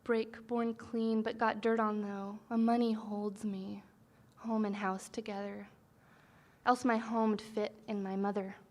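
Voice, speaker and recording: A woman poet reads her own work aloud before a live audience. Her delivery is soft and measured, and some phrases drop to a near whisper. Her voice sits at a middling pitch. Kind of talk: live poetry reading.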